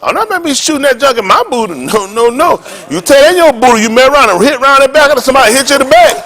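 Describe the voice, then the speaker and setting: High, lively-voiced joking pastor man. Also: fast. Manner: animated, laughs often, loud exclamations. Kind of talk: joking, rambling sermon talk.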